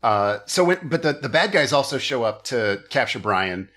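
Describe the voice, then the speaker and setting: A man's voice: mid-range voice, very animated, moderate pace, sharp tone. A man hosting a comedy podcast, recapping a movie in casual chat and briefly acting out its characters in silly voices.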